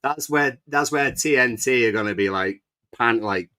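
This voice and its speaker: A man's voice: medium pitch, normal speed, pushed and bright, no room sound. A man co-hosting a casual fan podcast, reading out listener messages in a chatty way. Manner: reads out listener comments, chatty. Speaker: podcast co-host.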